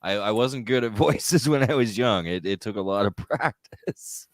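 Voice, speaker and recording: A man's voice: fairly low pitch, animated, moderate pace, dry recording. A man hosting a casual interview, joking and laughing often. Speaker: podcast host.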